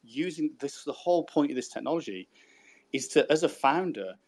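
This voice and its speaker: Animated man. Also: fairly high pitch, moderate pace. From Birmingham, England. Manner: animated, swears casually, repeats words when starting a sentence. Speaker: podcast co-host. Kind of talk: casual podcast chat.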